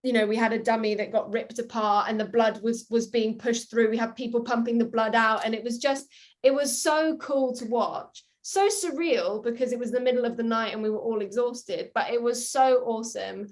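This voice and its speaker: A young woman, an actress, rattles off behind-the-scenes stories at a quick clip, breaking into giggles along the way. Her voice sits a little high for a woman, and she sounds lively and animated. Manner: giggly, fast storytelling. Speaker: actress guest. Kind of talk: animated interview anecdote.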